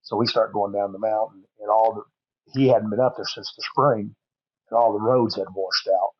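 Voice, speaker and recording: A man's voice: lowish voice, steady tone, moderate pace, husky, no room sound, dull audio. A middle-aged man telling a long hunting story on a podcast, rambling and folksy with plenty of fillers. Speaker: podcast guest. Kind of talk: casual storytelling.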